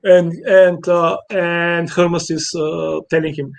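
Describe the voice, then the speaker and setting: A man explaining an ancient myth against a sky chart, halting and often repeating and restarting his phrases. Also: on the high side, flat delivery, vocal fry. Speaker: astrologer interviewee.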